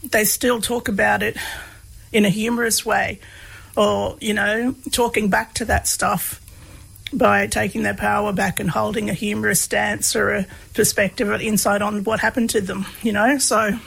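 A woman's voice: mid-range voice, little pitch movement, moderate pace, vocal fry, fairly bright tone, breathy edge, rough recording. A woman telling a personal story in a casual, hesitant way, full of fillers. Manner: hesitant, many fillers, laughs while telling. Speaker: guest, researcher of comedy.

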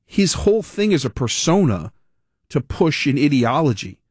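A man hosting a political talk radio show, giving animated, rambling, sarcastic commentary. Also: on the high side, normal speed, slightly rough, no room sound, clean studio sound.

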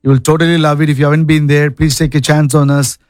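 A man's voice: on the high side, little pitch movement, fast talker, a little mellow, no echo. An upbeat man hosting a radio call-in show from a studio, speaking in a slightly raised voice. His voice is dry and close, with no room sound around it. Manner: upbeat, repeats the call-in number.

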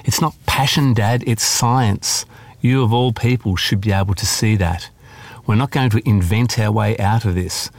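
A man's voice: lowish voice, moderate pace, gravelly, no echo. A man reading aloud, voicing a young woman activist who argues earnestly and pleads with her father. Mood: heated.

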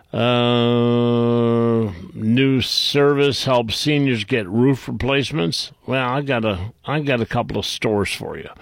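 A blunt, gruff man hosts a call-in radio talk show, reading items aloud and scoffing at them. He talks slowly and rambles with restarts in a mid-pitched voice. The studio sound is close and dry. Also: no room sound.

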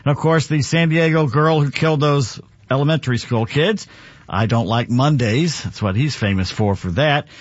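A man's voice: mid-range voice, normal speed, no room sound, dull audio. A man hosting a sports talk radio show, rambling and opinionated as he tells stories and gives scores. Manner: rambling, opinionated, lively storytelling. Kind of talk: casual sports radio chat. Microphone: studio broadcast mic.

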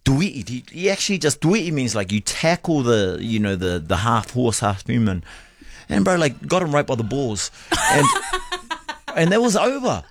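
A man co-hosting a casual chat, telling a story in an animated way, laughing often. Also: medium pitch, normal speed, no echo.

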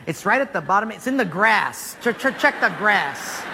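Male preacher, joking, animated, high voice, reverberant hall. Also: fairly quick, creaky, hardly any pauses, background noise. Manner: animated, joking, acts out scenes. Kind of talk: storytelling sermon.

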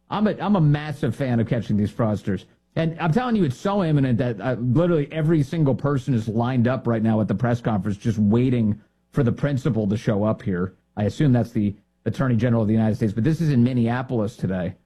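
A man's voice: medium pitch, dark tone, slightly rough. A middle-aged man hosting a live political commentary show, combative and mocking, calling opponents names.

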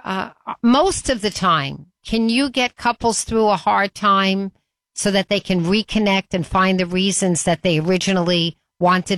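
A woman's voice: mid-range voice, a bit bright, dry recording. Woman radio host in a dry studio. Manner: conversational, with small restarts and asides. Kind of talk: call-in radio interview.

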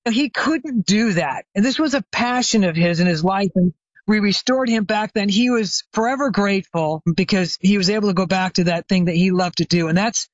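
Speaking at a normal pace in a high-pitched voice, a retired chiropractor, now an older man, shares a lengthy story as an interview's guest expert. He restarts often and uses many fillers, and the audio is dull with no echo.

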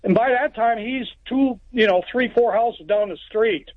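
A Texas man with an extremely high voice phones in to a radio show, telling a rambling, plainspoken story at a moderate pace and restarting often. The phone line sounds tinny, with no room sound.

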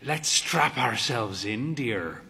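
Man doing a thin fey older guy in a storybook reading, dry and wry, kinda singsong and lively, slow. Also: mid-range voice, gravelly, exaggerated voice. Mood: wry, playful. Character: slight, fey man in late middle age, mischievous.

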